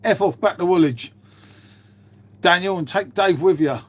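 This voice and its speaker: A man's voice: high voice, normal speed. A man, chatting casually on a live stream, swearing freely and bantering as he answers viewers' chat. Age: 50s.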